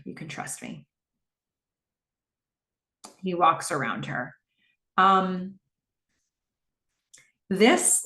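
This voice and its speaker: A woman hosting a podcast, recapping a TV episode in a reflective way and asking her listeners what they think, with frequent fillers. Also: lowish voice. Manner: reflective, asks listeners questions; narrates scenes with frequent fillers. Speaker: podcast host. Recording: echoey room.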